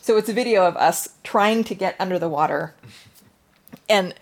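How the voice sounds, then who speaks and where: A woman's voice: mid-range voice, moderate pace, vocal fry. Chatty storytelling woman. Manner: chatty storytelling, lively asides. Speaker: discussion participant. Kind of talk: casual group discussion.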